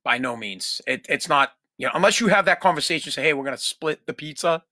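Male podcast host, profane exasperated rant, bright tone, dry close sound. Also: on the high side, lively intonation, fast talker, no echo. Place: home.

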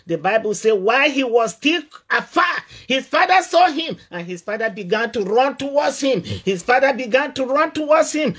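Preacher guy, high ringing voice, repeats lines and builds to shouting. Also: lively intonation, normal speed, few pauses, husky. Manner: impassioned, repeats phrases for emphasis, often rises to shouting. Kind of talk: sermon.

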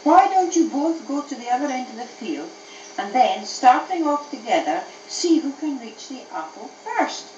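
A woman voicing a clever grey donkey in a storybook, talking in a brisk, coaxing way, heard from an old cassette tape. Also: high-pitched, sing-song, a little mellow, a little hiss or hum, voice pushed up. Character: wise cheeky grey donkey. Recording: echoey, distant, dull old cassette tape.

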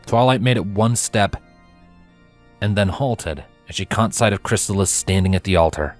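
A man with a fairly low voice narrates a fanfiction story in a steady, even storytelling manner. Soft background music plays faintly under the reading. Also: normal speed. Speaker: fanfiction reader. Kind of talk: scripted narration.

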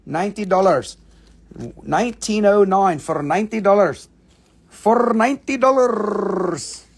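A man hosting a live gemstone sale, excitable and cursing freely, breaking into snatches of song. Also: high-pitched, unhurried, creaky, slight background noise. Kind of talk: live shopping stream. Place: home shop.

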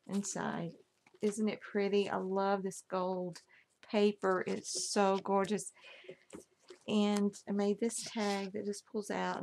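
A woman's voice: medium pitch, gravelly, darkish tone, a little hiss or hum. A woman casually showing off a handmade album she crafted, gushing over every detail. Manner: gushing, admiring each detail. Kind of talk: casual craft show-and-tell.

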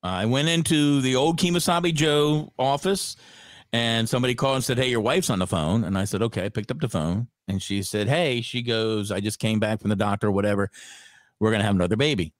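A man's voice: mid-range voice, brisk, dry recording, clean studio sound. A middle-aged man from the Frederick area, a radio veteran and guest, chatting and telling stories in an interview, acting out the people he quotes. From Frederick, Maryland area. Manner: chatty, laughs at own stories, acts out quotes. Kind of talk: casual storytelling interview.

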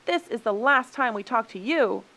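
A woman voicing a stubborn, quarrelsome group of human beings in a storybook reading, shouting back. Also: fairly high pitch, sing-song, fairly quick, gravelly, voice pushed up, heavily acted, poor audio.

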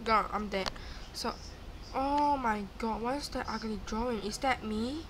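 A young woman giving live gameplay commentary, excitable and chatty, talking back to game characters. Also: fairly high pitch, unhurried, background noise. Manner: excitable, screams and gasps, talks to game characters. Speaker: gaming YouTuber.

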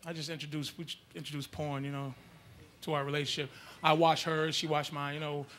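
A man in his thirties doing a profane stand-up set, telling brash stories and bursting into shouted character voices. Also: fairly high pitch, flat delivery, a little fast. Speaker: stand-up comedian. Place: comedy club stage. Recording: live club recording with loud crowd laughter and noise.

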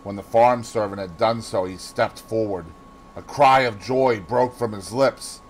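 A man with a Boston accent reading a classic novel aloud in expressive scripted narration. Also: lowish voice, measured pace, slight background noise, low-quality recording. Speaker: audiobook reader.

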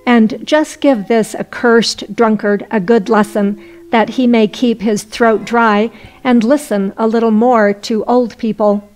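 A woman's voice: fairly high pitch, steady tone, unhurried, darkish tone, lightly acted, rough recording. A woman voicing an old male wind spirit who scolds a drunkard. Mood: scolding. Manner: stern, scolding.

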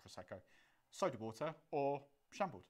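A woman's voice: a bass voice, big pitch swings, moderate pace, a little mellow. A woman hosting a live cocktail show, chatting and joking easily and laughing often. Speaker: host and cocktail instructor. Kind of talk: casual live-stream chat.

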